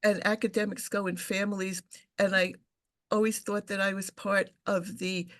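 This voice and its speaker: A woman's voice: mid-range voice, level tone, normal speed. An older female English professor recalling her career in an interview over a video call, hesitant and full of restarts. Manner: hesitant, with frequent restarts and fillers. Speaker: English professor and science fiction scholar. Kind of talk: interview, conversational recollection.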